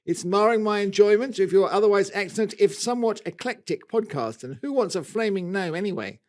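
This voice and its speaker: A man's voice: high voice, expressive, fairly quick, voice pushed up. A man putting on a fussy Australian letter-writer. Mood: mock-indignant. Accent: put-on Australian. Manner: theatrical reading, mock-indignant.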